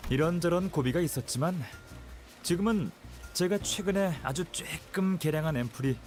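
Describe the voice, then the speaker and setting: An actor voicing a chipper male researcher in a game, bright and boastful. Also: fairly high pitch, very fast, faint music behind, natural voice. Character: chipper male researcher who makes medical ampoules. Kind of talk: game voice acting.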